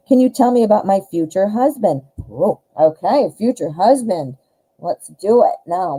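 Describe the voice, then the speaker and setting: A middle-aged woman hosts a live-stream tarot reading in a chatty, easygoing way, talking straight to her viewers. Her voice is very dark and mellow and sits a little low, and she often laughs at her own jokes. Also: poor audio.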